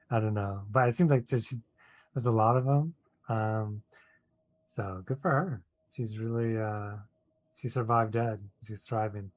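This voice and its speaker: A man's voice: on the low side, slow pace, long pauses, dry recording. A man co-hosting a casual chat, hesitant and full of fillers, laughing often. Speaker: podcast co-host.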